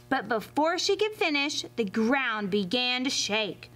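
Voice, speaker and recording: A woman reading a fairy tale aloud to children as a library storyteller, expressive and animated. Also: fairly high pitch, a little slow, faint music behind. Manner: expressive and animated, addressing kids.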